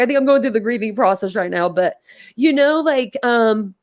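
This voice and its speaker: A woman's voice: medium pitch, lively intonation, fast. A woman hosting a casual livestream, talking emotionally and bluntly, rambling and swearing as she reacts. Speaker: livestream host.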